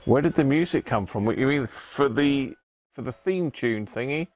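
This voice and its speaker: A man's voice: medium pitch, normal speed, darkish tone. A man hosting a casual livestream, chatting with viewers and greeting them by name, laughing often. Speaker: livestream host. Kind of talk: casual live chat with viewers.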